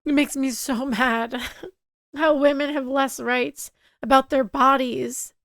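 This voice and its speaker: High-voiced heated woman podcast co-host. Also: little pitch movement, slow pace, gravelly, fairly bright tone. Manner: impassioned, heated, swears and stammers. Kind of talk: casual podcast chat.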